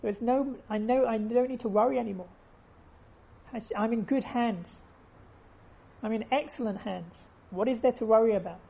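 Husky, earnest woman teaching faith. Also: on the high side, warm tone. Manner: earnest, repeats phrases for emphasis. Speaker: religious teacher. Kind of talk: faith lesson with storytelling.

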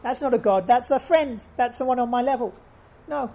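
A woman's voice: on the high side, fairly quick, dark tone. A woman giving an earnest faith lesson, telling stories and repeating phrases for emphasis. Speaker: religious teacher.

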